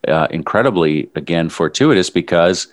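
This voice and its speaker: A man with a very deep voice recounts a long run in relaxed conversation. He tells it as an animated story and sometimes jumps up into loud mimicry. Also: moderate pace. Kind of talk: casual chat recounting a run.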